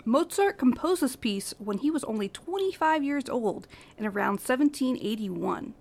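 A woman's voice: sits high, animated, moderate pace, vocal fry, darkish tone. Upbeat woman hosting a podcast. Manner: reads from prepared notes, earnest and upbeat. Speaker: podcast host. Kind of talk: scripted educational podcast narration.

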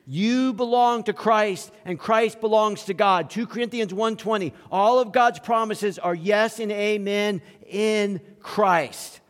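A male pastor preaching an animated sermon, acting out quoted voices and chuckling between points. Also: high-pitched, takes it slowly, hardly any pauses. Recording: long hall reverb.

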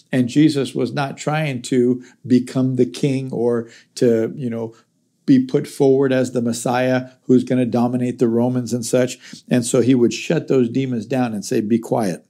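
Middle-aged guy doing a bible study, reads a verse then explains it, warm mellow voice. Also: mid-range voice. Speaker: Bible teacher.

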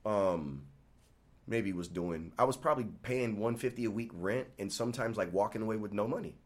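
A man in his thirties, a barbershop owner talking as a guest on a casual podcast, animated and acting out the voices of the people in his stories. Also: on the low side, fairly quick. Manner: animated storyteller acting out quoted dialogue.

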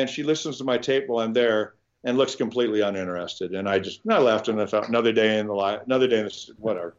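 A guitarist from Nebraska, guesting in a casual interview, tells rambling, animated anecdotes with frequent restarts and the occasional swear word. His voice is medium-pitched and the audio is dull.

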